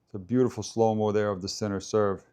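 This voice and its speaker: With a fast, level delivery, a man runs a live stream about a tennis match, chatting loosely and breaking off to respond to comments and attempt pronouncing names. His voice is fairly low, clear, and resonant, with a darkish tone.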